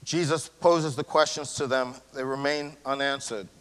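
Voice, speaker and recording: A male pastor giving a sermon in a casual, slangy way, swinging between loud emphasis and hushed near-whispers. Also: mid-range voice, steady tone, normal speed, smooth. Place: church sanctuary. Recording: long church hall reverb.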